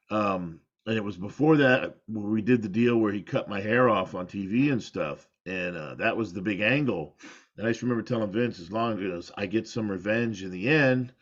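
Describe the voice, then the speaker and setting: A middle-aged man, a former pro wrestler, telling rambling, candid stories in an interview and laughing at himself. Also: fairly low pitch. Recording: dull lo-fi audio.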